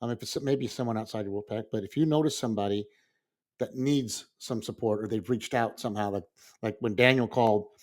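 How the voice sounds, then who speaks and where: A man's voice: on the low side, a little fast. A man of sixty co-hosting a podcast, talking earnestly in a rambling, casual way and laughing often. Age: 60s. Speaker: podcast co-host.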